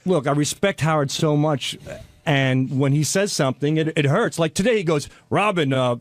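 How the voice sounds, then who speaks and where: A man's voice: fairly high pitch, moderate pace, dry recording, studio quality. A man chatting on a radio show, telling a story animatedly and quoting others. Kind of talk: casual studio chat. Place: radio studio.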